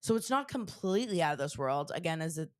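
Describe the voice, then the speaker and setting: Chatty woman with a low voice. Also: quick pace, dry recording, clean studio sound. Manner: chatty, many "like" fillers, animated retelling. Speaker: podcast co-host. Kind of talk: casual chat.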